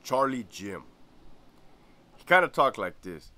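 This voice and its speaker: A man's voice: mid-range voice, animated, a little slow, sharp tone. A man in his forties, a former corrections lieutenant hosting his channel, telling stories in a casual way, chuckling often and asking "right?". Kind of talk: casual storytelling vlog.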